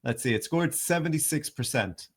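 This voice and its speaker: A man hosting a podcast, explaining things casually with many pauses, fillers and repeated words. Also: fairly high pitch, expressive, slightly rough. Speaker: podcast host.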